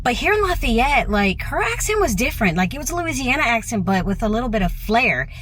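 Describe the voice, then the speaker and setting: Her fairly high voice swings widely in pitch, sounding brisk and fairly bright over slight background noise. She's a travel vlogger chatting enthusiastically and gushing away, filmed on a handheld phone inside a car in a parking lot.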